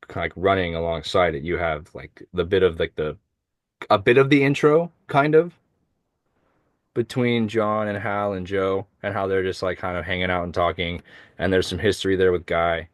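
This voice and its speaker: Male podcast co-host, deep and dry, rambling casual chat over a remote call. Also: normal speed, dry recording. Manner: rambling, many fillers and restarts. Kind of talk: casual chat about comics. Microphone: remote call over shaky internet.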